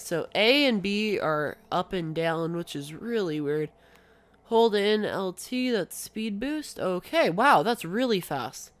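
A young man giving casual gameplay commentary, gushing with excited exclamations and coughing now and then after being ill. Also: high-pitched. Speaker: gaming YouTuber.

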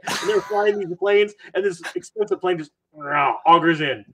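A man who is a finance video maker, chatting casually as a podcast guest with animated, self-mocking storytelling. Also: on the high side, moderate pace, low-quality recording.

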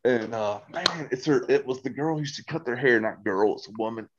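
A man's voice: mid-range voice, fairly quick, dull audio, noisy background. A man casually telling a long ghost story to his brother, full of restarts, swearing and quoted dialogue. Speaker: podcast guest, host's brother.

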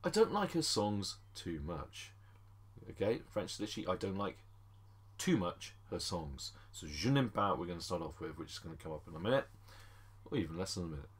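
Man, French teacher, deep voice, breathy, chatty, ladies and gents. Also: very animated. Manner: slows down to spell out French phrases. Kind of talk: screen-recorded language lesson.

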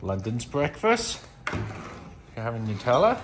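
Against a noisy background, a middle-aged dad chats to the camera for his family vlog at home, with lively intonation, a medium pitch and a moderate pace. He rambles with plenty of fillers like "uh" and "you know," calling the viewers "guys."

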